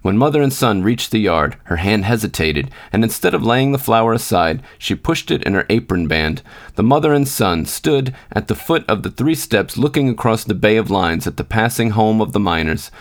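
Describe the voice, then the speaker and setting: A man with a fairly low voice narrating a literary short story in a steady, unhurried way. He reads as a podcast storyteller, measured and even.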